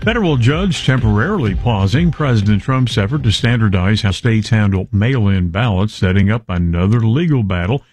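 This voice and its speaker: A man reads radio news headlines in a measured, clipped way. His voice sits a little low, and the studio sound is dry and close. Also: animated, darkish tone, breathy edge, no room sound, faint music behind. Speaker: news anchor. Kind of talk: radio newscast.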